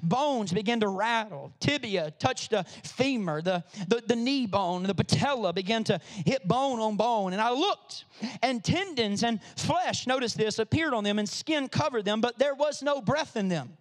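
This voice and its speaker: A man's voice: extremely high pitch, animated, normal speed. A man preaching a sermon to his congregation, reading scripture and calling on listeners to respond. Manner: preaching with rising emphasis, calls on the congregation. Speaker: pastor.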